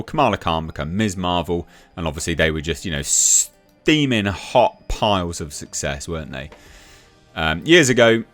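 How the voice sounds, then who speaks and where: A man hosting a movie news channel, ranting in a scornful, sarcastic way, his voice jumping high when worked up. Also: a bit bright. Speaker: YouTube movie news commentator. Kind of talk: opinionated rant to camera.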